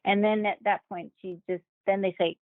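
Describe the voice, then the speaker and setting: Woman guest, lively anecdote-teller, tinny dry call audio, average pitch. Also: moderate pace, no echo. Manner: animated, acts out quoted voices with laughs. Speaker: guest actor. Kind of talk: casual interview storytelling.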